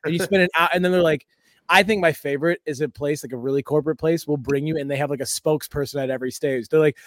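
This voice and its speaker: A man's voice: on the high side, fairly even intonation, fast, dry recording, clean studio sound. A young man hosting a casual, comedic podcast chat, loose and joking with frequent swearing. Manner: loose, joking, swears often, does mock voices of people. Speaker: podcast host.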